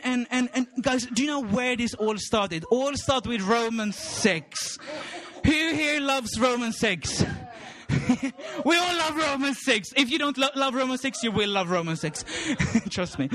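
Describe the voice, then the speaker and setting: A man with a very high voice preaches with bursting enthusiasm. He laughs often, stumbles over repeated words and rises into shouts when he gets excited. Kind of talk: sermon.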